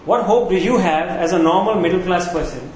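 Delivering a sermon in a brisk manner, this preacher has a high but darkish-toned voice. Rhetorical questions and repeated key words drive his points home. Faint background noise and room echo are audible.

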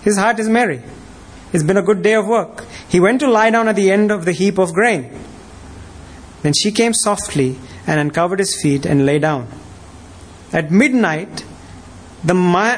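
A man preaching a sermon as a pastor, emphatic and full of rhetorical questions. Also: high-pitched.

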